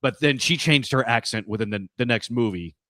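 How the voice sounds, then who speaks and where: A man hosting a podcast in casual chat, chatty and quick to laugh. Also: medium pitch, fairly bright tone, no room sound, studio quality. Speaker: podcast host.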